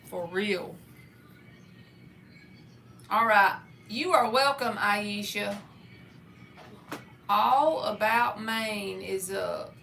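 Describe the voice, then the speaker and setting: A woman's voice: medium pitch, very slow, vocal fry, long pauses, sharp tone, slight background noise. A woman, giving a candid, folksy live tarot reading. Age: 30s. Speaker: tarot reader.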